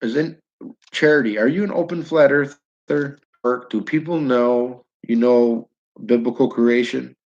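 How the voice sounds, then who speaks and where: A man's voice: mid-range voice, unhurried, darkish tone. A man hosting a casual live-stream chat, rambling and joking as he puts questions to his listeners. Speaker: host. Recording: dull lo-fi stream audio.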